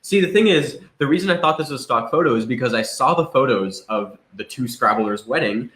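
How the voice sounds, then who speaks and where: A man's voice: mid-range voice, expressive, a little fast, a bit bright. A man co-hosting a casual live-streamed chat, dry and teasing. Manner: dry, teasing, laughs often. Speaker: co-host. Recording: echoey room.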